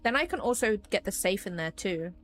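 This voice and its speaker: A woman's voice: medium pitch, lively intonation, fairly quick, a bit bright, soft background music. A woman streaming a puzzle game, chatting casually and poking fun at herself as she plays. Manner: chatty, self-deprecating, rambling with fillers. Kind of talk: casual gameplay commentary.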